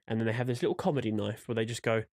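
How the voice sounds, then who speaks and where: A man's voice: medium pitch, racing, darkish tone, no room sound, clean studio sound. A man co-hosting a podcast in casual chat, rambling and acting out quotes as he goes. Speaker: podcast co-host.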